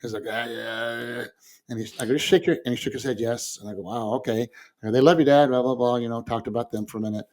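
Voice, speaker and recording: A grieving man talks through a recent loss in a casual conversation. He speaks at an ordinary middle pitch, halting and restarting as he goes and breaking into soft laughs now and then. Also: fairly even intonation. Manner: halting, with restarts and soft laughs while telling a personal story. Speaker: podcast co-host.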